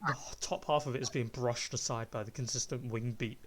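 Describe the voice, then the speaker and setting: Man calmly narrating as game master. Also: medium pitch, fairly quick, background noise.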